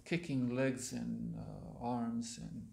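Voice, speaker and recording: Monk telling a story in an echoey hall. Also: male voice, medium pitch, little pitch movement, takes it slowly, vocal fry, a little mellow. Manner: explains words aside to listeners. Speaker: monk lecturer. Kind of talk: sermon with a read-aloud story. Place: temple hall.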